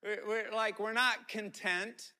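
A man preaching a sermon as pastor, telling animated stories and often repeating his words. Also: high voice, slow pace, clean tone.

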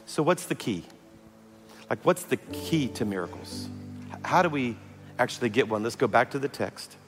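A man, preaching a sermon as pastor, telling stories that move from loud and animated to hushed and tender. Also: mid-range voice, moderate pace. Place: large church hall. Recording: long hall reverb with faint music.

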